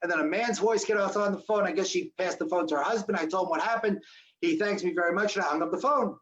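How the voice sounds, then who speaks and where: A man telling a survival story to an audience, acting out the dialogue with sudden jumps in his voice. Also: quick pace. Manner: animated, acts out quoted dialogue with sharp pitch jumps. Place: audience hall. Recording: dull lo-fi recording.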